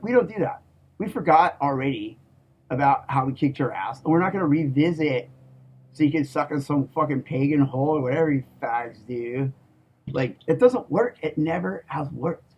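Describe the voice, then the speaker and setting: A man delivering a profane, menacing monologue, with heavy swearing and a slow, emphatic push on his words. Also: a little high, darkish tone, husky, lo-fi sound. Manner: slow, emphatic, repeats "okay?". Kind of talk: ranting monologue.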